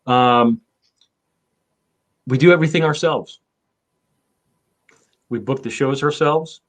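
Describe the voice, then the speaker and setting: Slow-paced and medium-pitched, a fifties-aged host meanders through a casual conversation full of fillers and profanity.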